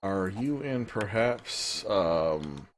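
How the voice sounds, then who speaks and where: Guy from tennessee chatting over a game, kinda low voice, jokey, bit of hiss. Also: expressive, extremely slow. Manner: rambling, joking. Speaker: let's play host. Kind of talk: casual game commentary.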